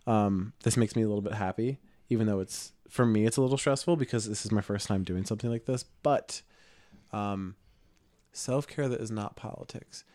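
A man's voice: lowish voice, fairly quick, a little mellow, no room sound. Rambling casual man, dry mic. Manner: loose, rambling, swearing freely. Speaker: podcast co-host. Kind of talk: casual chat.

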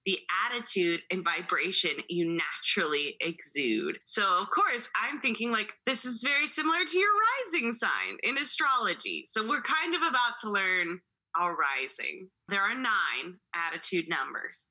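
A woman's voice: mid-range voice, very animated, normal speed, bright, forceful tone, husky, muffled recording. A woman co-hosting a podcast in casual chat, loose and chatty, swearing and laughing as she goes. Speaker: podcast co-host.

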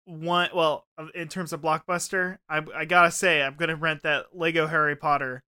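A man's voice: fairly high pitch, level tone, normal speed, sharp tone, clear, resonant tone. A young man co-hosting a podcast, rambling and joking in casual chat, swearing freely. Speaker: podcast co-host.

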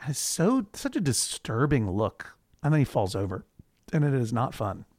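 A man's voice: medium pitch, moderate pace, no echo, clean studio sound. A man co-hosting a podcast, recapping a TV series in casual chat and acting out the characters' lines. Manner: animated, acts out characters in quoted voices. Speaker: podcast co-host.

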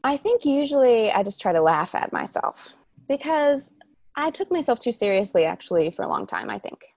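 A woman's voice: on the high side, big pitch swings, normal speed, a little mellow, no room sound. A young woman who performs on stage, talking casually in an interview, chatty and self-deprecating with many restarts.

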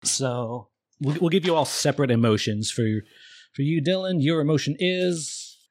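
A man's voice: a little high, moderate pace, a little mellow, no echo. A man narrating as game master, playful and descriptive.

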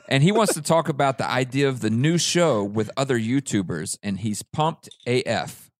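A man's voice: mid-range voice, animated, normal speed, dry recording, studio quality. A man hosting a podcast in casual chat, steering the topics and laughing often. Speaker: podcast host reading questions.

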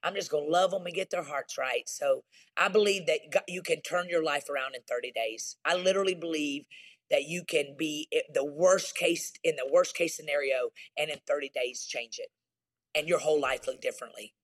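A woman's voice: low-pitched, a little fast. A woman with a Southern US accent, a pastor speaking candidly as an interview guest, with an emphatic, folksy preacher's delivery.

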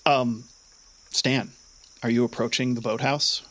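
A young man narrating a tabletop game as its game master. He describes scenes in a halting way, full of fillers and restarts, and laughs easily between lines. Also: medium pitch, steady tone, a bit bright, no room sound. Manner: hesitant, many fillers, laughs often.

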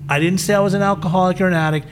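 A man telling his life story as a guest in an interview, animated and acting out the voices of the people he quotes. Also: high-pitched, racing, slight background noise. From southern California.

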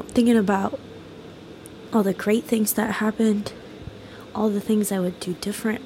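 A woman's voice: medium pitch, steady tone, normal speed, creaky, dark tone, slight background noise, low-quality recording. A young woman co-hosting a casual podcast, tearful, reflective and hesitant with many fillers. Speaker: podcast co-host.

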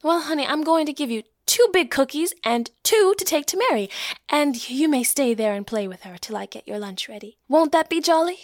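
A woman's voice: sits high, animated, brisk, dry recording, clean studio sound. A woman voicing a tender young woman who cares for a small boy, emotional and at times whispering, in an audio play reading. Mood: coaxing.

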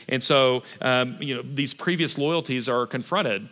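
A middle-aged pastor delivers his sermon in a loose, chatty manner, circling back on his words and padding them with fillers. His voice is bright and forceful, at an ordinary middle pitch. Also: unhurried, hardly any pauses. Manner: conversational, filler-heavy preaching with frequent "like" and restarts.

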